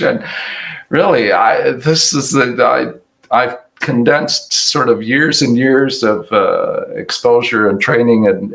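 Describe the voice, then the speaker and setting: An older man giving an award lecture with slides, reflective and halting, often restarting his sentences. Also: fairly low pitch, low-quality recording.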